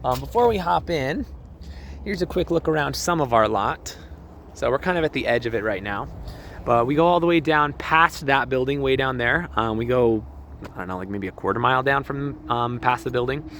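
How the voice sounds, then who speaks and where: A man working as a car salesman, giving a casual, upbeat walkthrough of a truck while laughing often. His voice is a bit hoarse, and he is recording outdoors on a cold car lot. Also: medium pitch, animated, normal speed, a bit bright, a little hiss or hum.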